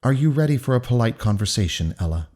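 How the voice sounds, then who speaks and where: A man's voice: medium pitch, expressive, a little mellow, close to an everyday voice. A man reading a cold, courteous male captor. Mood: cold polite. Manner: measured, courteous, coldly formal. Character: calm menacing male kidnapper, polished and polite.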